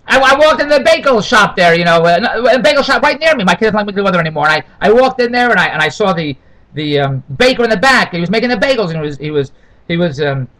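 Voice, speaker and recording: A middle-aged man tells a long, digressive grievance in a comic monologue, going back over the same points. His voice sits high and sounds bright and forceful. He rattles along at a fast clip. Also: rough recording. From Toronto. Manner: complaining, digressive, repeats himself. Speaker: vlogger.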